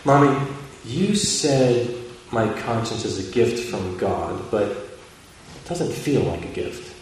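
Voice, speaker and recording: A man's voice: on the low side, expressive, slow, slight background noise. A man reading as a curious little girl. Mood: sorry. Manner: earnest, questioning. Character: curious young girl asking her mom questions. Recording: echoey room from a distant mic.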